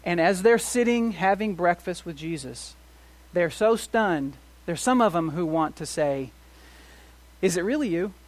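A middle-aged pastor preaches a sermon in a fairly high male voice. He drops to a near hush, then climbs to loud, emphatic lines. He keeps pulling listeners in with rhetorical questions. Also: a little slow. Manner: animated, swings from soft to loud, rhetorical questions.

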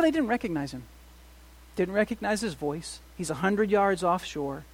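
A middle-aged male pastor preaching a sermon. He swings from soft to loud and asks the congregation rhetorical questions. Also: fairly high pitch.

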